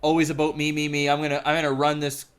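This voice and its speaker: A man casting a game, telling a rambling, animated story in casual chat. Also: a little high, fast talker, clear, resonant tone. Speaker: game caster.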